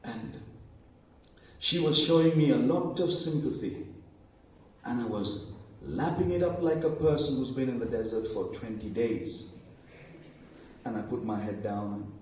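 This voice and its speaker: A man preaching a sermon, telling stories and acting out quoted lines in hushed voices. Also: medium pitch, lively intonation, a little slow, pauses often, slight background noise. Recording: very echoey hall, voice from a distance.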